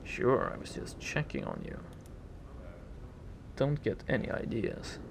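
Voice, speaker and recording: A man's voice: medium pitch, wildly swooping pitch, a little slow, gravelly, noisy background. A man hosting a let's play, reading dialogue options and making joking asides about his choices. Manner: joking asides, self-correcting. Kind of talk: casual let's play commentary. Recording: game music playing behind.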